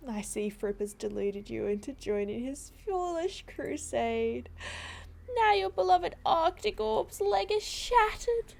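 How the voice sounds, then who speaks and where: Lady reading sneery villain girl, gloating, high voice, takes her time. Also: sing-song, slow, gravelly, darkish tone, heavily acted. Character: scornful young woman villain, gloating. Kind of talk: reading game dialogue aloud.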